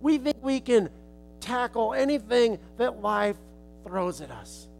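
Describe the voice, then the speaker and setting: High-voiced male preacher telling a story. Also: animated, slow, vocal fry, soft background music. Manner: casual, folksy retelling. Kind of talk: storytelling sermon illustration.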